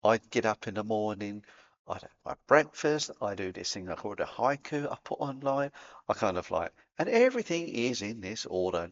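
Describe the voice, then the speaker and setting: A man's voice: lowish voice, very animated, moderate pace, dull audio. A man with a Cockney accent talking casually to camera as a spiritual vlogger, chatty and playful, dropping in sound effects. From England.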